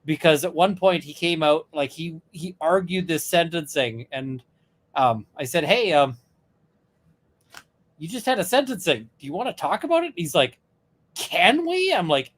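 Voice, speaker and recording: A man's voice: a little high, normal speed. A man, a lawyer co-hosting a casual chat, telling a courtroom story with lots of fillers and quoted dialogue. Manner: animated retelling with quoted voices, many fillers. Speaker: lawyer, podcast co-host.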